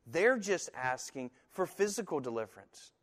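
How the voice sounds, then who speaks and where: A man preaching a sermon who tells stories in an animated way and slips into other people's voices when he quotes them. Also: on the high side, normal speed, long reverb tail. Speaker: pastor.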